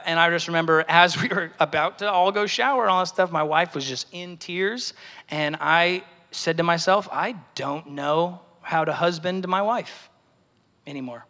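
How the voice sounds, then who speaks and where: A man preaches a personal testimony in a relaxed, storytelling way, often acting out what others said. His voice sits high and sounds bright and forceful. The sound carries the long reverb of a large church hall. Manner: storytelling, conversational, acts out quoted voices. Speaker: speaker at a church service.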